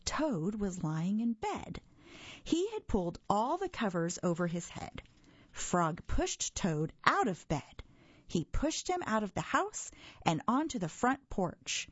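A woman reading a children's story aloud for a reading service, in a gentle, clear storytelling manner. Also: medium pitch, very animated, takes it slowly, dry recording, dull audio. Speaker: audio reader for a reading service.

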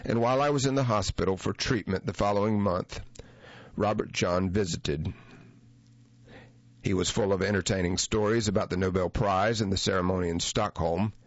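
A man with a very low voice reads a memoir as an audiobook, measured and reflective in his delivery. The recording is close and dry, with a slightly dull, muffled tone to it. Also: no echo. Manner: measured, reflective first-person reading. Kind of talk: audiobook narration of a memoir essay.

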